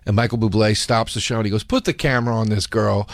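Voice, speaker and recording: A man hosting a podcast, telling stories in casual chat with lots of swearing and animated quoting. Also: on the low side, fast talker, no echo. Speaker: podcast host.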